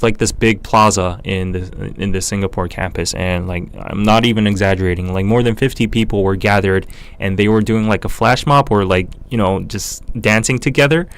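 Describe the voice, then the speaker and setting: A man's voice: fairly low pitch, clean tone. Young korean guy w/ north american accent, casual livestream q&a host, chatty, lots of ums, clean voice. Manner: relaxed and chatty, with frequent fillers. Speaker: podcast host.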